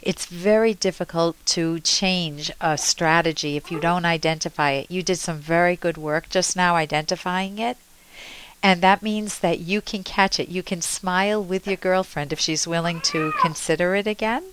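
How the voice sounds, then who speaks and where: A woman's voice: lowish voice, fairly even intonation, normal speed, a bit bright, smooth, rough recording. A woman radio therapist hosting a call-in show, earnestly coaching a caller with spoken examples.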